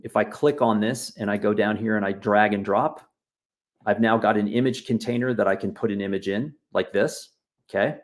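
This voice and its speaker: A man at mid pitch teaches a software workshop over a video call. His delivery is loose and chatty, encouraging the viewers as he narrates what he clicks. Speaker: workshop instructor. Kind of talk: live online software tutorial.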